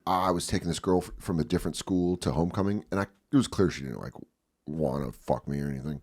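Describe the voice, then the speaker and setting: A man in his forties telling a story casually as a podcast guest, profane and animated, acting out voices loudly. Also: deep voice, fast.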